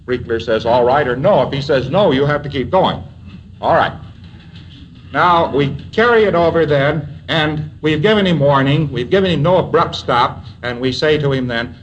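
A man lectures in a measured, deliberate voice that sits a little high for a man. Faint background ambience runs under him. Now and then he acts out both sides of a sample exchange. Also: lo-fi sound, slight background noise. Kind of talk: recorded lecture.

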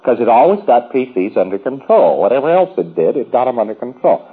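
A man's voice: medium pitch, sing-song, fast, breathy edge, phone-quality sound. A man giving a rambling, folksy, informal lecture to trainees, with wry asides.

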